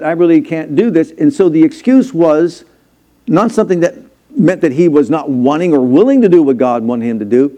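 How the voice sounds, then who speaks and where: A man in his sixties preaching a conversational sermon as pastor, acting out quoted lines and growing louder when worked up. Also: on the high side. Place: church sanctuary.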